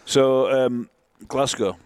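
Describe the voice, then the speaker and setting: A man co-hosting a podcast in casual chat, with quick interjections and brisk storytelling. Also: mid-range voice, darkish tone, a little hiss or hum. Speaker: podcast co-host.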